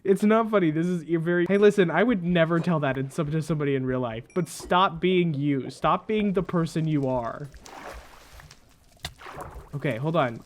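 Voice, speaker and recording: A man giving let's play commentary, rambling in exasperation, repeating himself, talking to his viewers and often bursting into loud indignant yelling. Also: fairly high pitch, normal speed, a little hiss or hum. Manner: repeats phrases, talks to viewers. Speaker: gamer, channel host.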